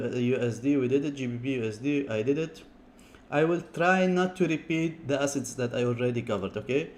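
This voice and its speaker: A man hosting a live stream, talking viewers through charts in a chatty way, repeating words in quick bursts and often apologizing. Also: medium pitch, darkish tone. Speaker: livestream trading analyst.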